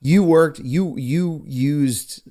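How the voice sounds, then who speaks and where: A man's voice: on the high side, drawn-out words, mellow. A man co-hosting a casual podcast, telling stories in a laid-back way and saying "dude" and "man" often. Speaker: podcast co-host.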